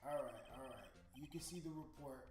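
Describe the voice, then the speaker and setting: A man voicing a gruff, blustering male police detective who barks orders and calls people pal, over game music in an echoey room. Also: mid-range voice, normal speed, close to an everyday voice.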